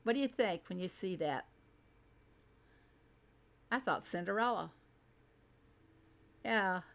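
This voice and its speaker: A woman's voice: mid-range voice, expressive, takes it slowly, vocal fry, fairly bright tone. A woman with a Southern American twang hosts a casual reaction commentary, chatting along and laughing at her own asides. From Southern United States. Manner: chatty, laughs often, self-deprecating asides. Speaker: host.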